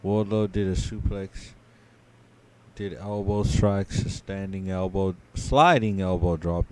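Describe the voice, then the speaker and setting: A sleepy man co-hosting a podcast, giving a drowsy, low-key play-by-play recap full of ums and uhs. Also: fairly even intonation, slow pace. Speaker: podcast co-host. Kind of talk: casual match recap.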